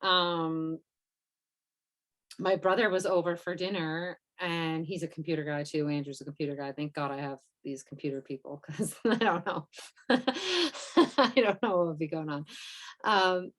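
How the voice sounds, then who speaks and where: A woman's voice: lowish voice, a little slow, a bit bright. A woman co-hosting a podcast, telling a story in a casual, rambling way with lots of fillers and quoted asides. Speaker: podcast co-host. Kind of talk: casual chat.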